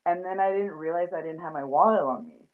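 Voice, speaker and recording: A woman's voice: lowish voice, fast. A woman hosting a casual chat, talking in a rambling way with many fillers and frequent laughs. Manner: chatty, lots of fillers and laughter. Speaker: host. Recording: tinny phone-like line.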